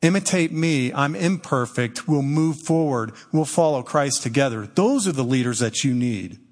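A middle-aged man preaches a sermon as a church elder, speaking in a conversational, earnest way and acting out the lines he quotes. His voice sits at an ordinary middle pitch. The sound rings with the long reverb of a church hall. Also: expressive, moderate pace. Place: church sanctuary.

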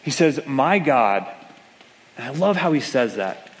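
A man preaching from a pulpit, telling his story and the scripture in an easy, conversational way. His voice sits at an ordinary middle pitch. A long reverb trails after his words in a large church hall. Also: sing-song, a little slow. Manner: conversational storytelling with acted-out quotes. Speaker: pastor. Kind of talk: sermon.

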